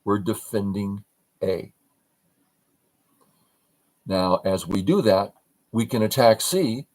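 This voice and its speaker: Slow low-voiced older man teaching. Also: fairly even intonation, rough recording. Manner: talks in short broken phrases, asks and answers his own questions. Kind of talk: livestream game review lesson.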